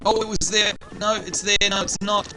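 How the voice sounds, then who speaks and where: A man's voice: high voice, flat delivery, fairly quick, pushed and bright. A man chatting casually through a live gameplay stream, talking to his viewers and grumbling at bugs. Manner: chatty, exasperated at bugs, talks to chat. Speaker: game livestreamer.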